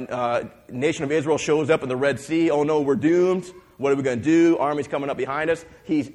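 A male pastor preaching a sermon, retelling scripture in a lively storytelling way and acting out the voices of the people he quotes. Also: medium pitch. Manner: fillers and restarts.

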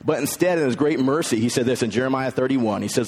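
A man's voice: mid-range voice, fast talker, hardly any pauses, darkish tone, husky. Male pastor, mid-range voice, easygoing sermon delivery that retells scripture plainly. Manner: conversational preaching, paraphrasing scripture in everyday words.

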